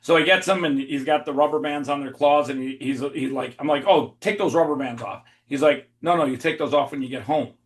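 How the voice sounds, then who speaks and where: A man telling a story in a relaxed podcast chat. His voice sits a touch high for a man, and he tells the tale with loose, profane energy and bursts of laughter. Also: a little fast, few pauses. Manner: animated, swearing, laughing storyteller. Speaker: podcast guest. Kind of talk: casual storytelling.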